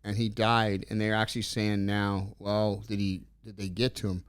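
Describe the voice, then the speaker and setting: A middle-aged man telling stories in a casual interview, rambling and animated as he acts out the dialogue. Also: fairly low pitch, moderate pace, clear, resonant tone, no echo, clean studio sound. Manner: rambling, animated storyteller acting out quoted dialogue. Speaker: interview guest.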